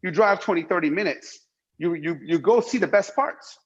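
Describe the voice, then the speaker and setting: A man's voice: high-pitched, normal speed, slightly rough, highs cut off. A middle-aged man from Iran telling his life story emphatically in an interview, repeating himself and swearing freely. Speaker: guest.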